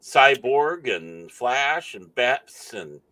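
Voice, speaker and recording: Bright animated man reading news aloud. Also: mid-range voice, very slow, no room sound. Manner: stumbles and jokes while reading. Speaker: podcast co-host. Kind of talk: casual chat, reading articles aloud.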